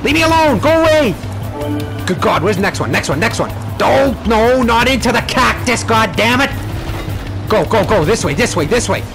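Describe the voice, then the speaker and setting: A young man hosting let's play commentary, excitable and frantic, swearing often. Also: high-pitched, normal speed. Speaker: gaming channel host. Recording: game music underneath.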